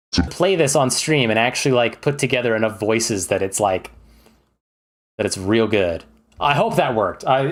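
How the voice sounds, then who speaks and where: A man streaming and ranking games, chatting in a casual, enthusiastic way with plenty of fillers and restarts. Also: mid-range voice. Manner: chatty and rambling, with many fillers. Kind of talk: casual livestream commentary.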